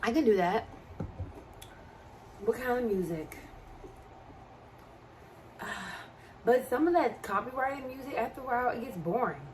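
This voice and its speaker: A woman's voice: fairly high pitch, expressive, measured pace, long pauses, a little hiss or hum. Chatty young woman with a DMV accent. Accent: DMV (Washington, D.C. area) American. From American. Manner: chatty, reads and answers chat comments. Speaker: livestreamer. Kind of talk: casual live-stream chat.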